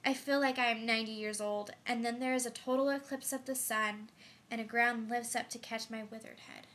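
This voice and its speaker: A young woman acting a monologue as a frightened, dreamy girl on the edge of growing up, in slow, hushed storytelling. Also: fairly high pitch, fairly even intonation, slight background noise, natural voice. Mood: haunted. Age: young adult. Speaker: student actor. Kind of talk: theatrical monologue.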